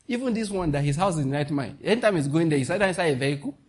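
Fervent Nigerian preacher, a man with a raspy, raised-pitch voice, at the pulpit. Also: animated, very fast, darkish tone. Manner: impassioned, mixing in pidgin asides. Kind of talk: sermon.

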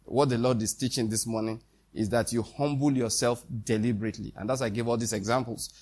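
A man's voice: medium pitch, fairly even intonation, fast talker, a little mellow. A man preaching a sermon in a conversational way, with quoted dialogue and questions to the congregation.

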